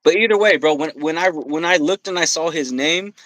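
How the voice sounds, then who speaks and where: A man telling a story on a podcast, swearing freely and quoting himself and others in an animated way. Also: on the high side, fairly quick, low-quality recording. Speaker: podcast guest. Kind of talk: casual storytelling. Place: podcast studio.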